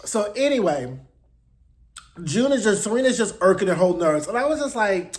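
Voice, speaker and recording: A man's voice: high-pitched, sing-song, moderate pace. A man hosting his own channel, recapping an episode in a casual, sassy, blunt and slangy way into a close mic. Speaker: host.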